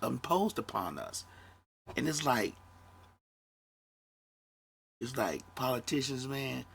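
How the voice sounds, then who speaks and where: Gravelly, blunt man in his fifties. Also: lowish voice. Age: 50s. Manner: blunt, profane, conversational. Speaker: podcast host. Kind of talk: casual monologue.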